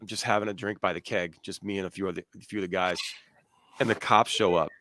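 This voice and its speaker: Podcast host, man in his 30s, low voice, very dry close sound, loose rambling storyteller. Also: steady tone, fast talker, pushed and bright, no echo. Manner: rambling storyteller, swears casually. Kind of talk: casual chat.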